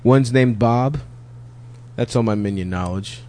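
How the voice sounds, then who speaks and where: A man's voice: mid-range voice, unhurried, a little mellow. A man co-hosting a comedy podcast, riffing in profane, mock-indignant bursts. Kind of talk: casual comedic banter.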